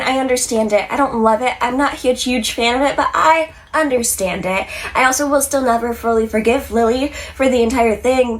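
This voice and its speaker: A young woman with a stuffy nose, casually recapping a story in an animated way, acting out the lines. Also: on the high side. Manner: animated storytelling, acts out quotes, frequent laughs and ums. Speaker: pop culture vlogger.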